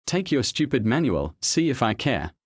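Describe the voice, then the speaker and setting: A man's voice: mid-range voice, big pitch swings, moderate pace, no echo, clean studio sound, voice pushed up. A man doing a sulky teenage boy. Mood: defensive. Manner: defensive, sullen retorts. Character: sulky young teenage boy, defensive younger brother.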